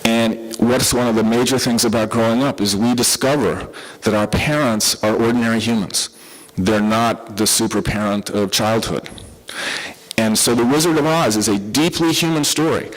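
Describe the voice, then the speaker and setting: A man's voice: mid-range voice, poor audio. A middle-aged man with a Southern American accent giving a live conference lecture, talking in a conversational way with frequent fillers and restarts. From southern United States. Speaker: conference speaker.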